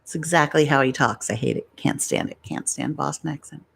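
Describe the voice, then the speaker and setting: Speaking into an ASMR mic, this middle-aged woman from New York runs a relaxed YouTube live stream, offering blunt views and wandering off on tangents with lots of fillers. Her voice is deep, gravelly and husky, and she talks fairly quickly.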